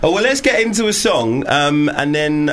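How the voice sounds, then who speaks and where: A man's voice: fairly high pitch, big pitch swings, moderate pace, fairly bright tone, a little hiss or hum. A male radio co-host chatting casually in a studio, rambling and swearing as he interviews a guest. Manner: laid-back, swearing, rambling with restarts. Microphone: studio microphone.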